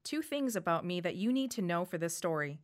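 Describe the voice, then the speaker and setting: A woman in her thirties from Wisconsin with a Wisconsin accent, reading a personal radio essay in a warm, lightly humorous way. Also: fairly low pitch, animated, a little fast. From Wisconsin, USA. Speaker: storyteller.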